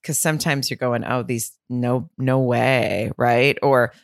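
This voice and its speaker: Low-voiced woman, blunt and sweary. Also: steady tone, measured pace, no echo, clean studio sound. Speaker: podcast co-host. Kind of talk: casual chat.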